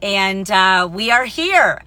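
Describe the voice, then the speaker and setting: A woman's voice: mid-range voice, expressive, takes it slowly, pushed and bright. A woman in her thirties hosting a live stream, chatty and upbeat, rambling with many fillers and restarts. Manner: upbeat, greets viewers by name. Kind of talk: casual live-stream talk.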